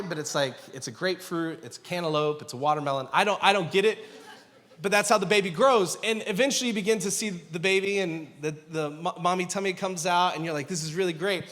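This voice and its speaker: A man's voice: sits high, fairly bright tone. A man in his thirties, a pastor preaching a sermon, telling a family story in a conversational way with self-mocking humor and acted-out quotes. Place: church sanctuary. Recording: long hall reverb.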